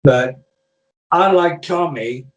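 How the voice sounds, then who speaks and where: This older man from Britain, a former wrestler, talks slowly in a slightly high voice. Over a video call, he tells wandering stories in an informal interview, peppered with fillers and false starts, while the mic picks him up from far away in an echoey room.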